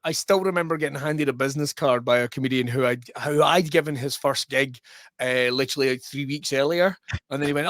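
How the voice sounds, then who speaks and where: A middle-aged man hosting a podcast in casual chat, telling lively stories, laughing often and swearing freely. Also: fairly high pitch, fast, dry recording. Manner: laughing, swearing, animated storyteller. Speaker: podcast host.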